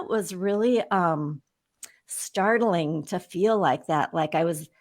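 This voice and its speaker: Candid, animated woman in her fifties. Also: lowish voice. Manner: animated, candid storyteller who acts out remembered exchanges. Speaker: guest. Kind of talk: casual interview storytelling.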